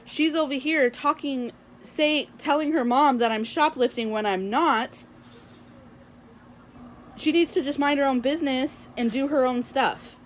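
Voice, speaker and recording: Woman venting in a fast rant. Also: high voice, a little hiss or hum. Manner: animated storytelling, acts out quoted dialogue. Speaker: vlogger. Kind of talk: casual venting rant to camera.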